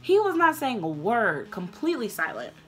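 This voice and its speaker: A woman's voice: fairly high pitch, very animated, moderate pace, soft background music. Earnest young woman telling her story. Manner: earnest, emotional, gets loud and passionate; loose, rambling, many restarts. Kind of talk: candid personal storytime.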